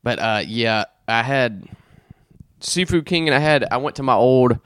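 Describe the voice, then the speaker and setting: A man's voice: medium pitch, measured pace, a bit bright, clear, resonant tone, no echo. A man hosting a casual podcast chat, loose and profane, sometimes breaking into a bit of song. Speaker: podcast host.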